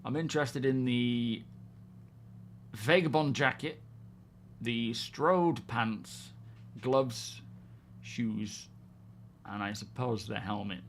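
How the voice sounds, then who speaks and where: A man's voice: medium pitch, slow pace, pauses often, a little hiss or hum. A man hosting a casual gaming livestream, greeting viewers and thinking aloud as he plays. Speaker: livestream host.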